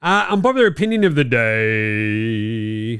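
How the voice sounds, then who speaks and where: A medium-pitched, sing-song voice, slightly slow, a bit bright, clear and resonant, belongs to an Australian basketball podcast host, recorded in clean studio sound with no room echo. His commentary is blunt, opinionated, and profane, with rants and mocking impressions of quotes.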